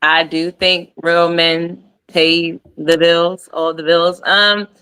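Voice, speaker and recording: A woman with a bright, sharp voice chats as a guest on an online talk show. She speaks in an easygoing way and laughs often. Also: lowish voice, flat delivery, slow pace, clear, resonant tone, low-quality recording. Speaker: podcast guest. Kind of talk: casual chat.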